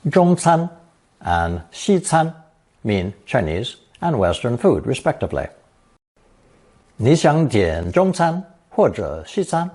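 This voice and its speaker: A man narrating a scripted language lesson, reading example sentences slowly and then translating each one. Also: medium pitch, big pitch swings, darkish tone. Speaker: language teacher.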